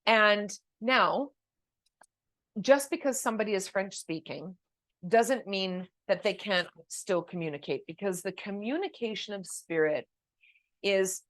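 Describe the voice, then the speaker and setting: Casting: woman, medium-pitched, chatty co-host explaining step by step, close dry sound at home. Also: measured pace, dry recording. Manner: explanatory, leading questions, animated. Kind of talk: casual chat explaining spirit communication.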